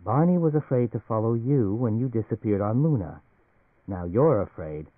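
A man doing a soft-spoken, shrewd young woman. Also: on the low side, expressive, normal speed, no room sound. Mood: calm. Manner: soft, probing, level. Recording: phone-like narrow band, dry.

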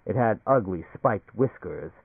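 A man reading a novel aloud as a steady, measured audiobook narrator. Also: fairly low pitch, vocal fry, husky, no room sound. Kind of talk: scripted narration. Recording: tinny phone-like recording.

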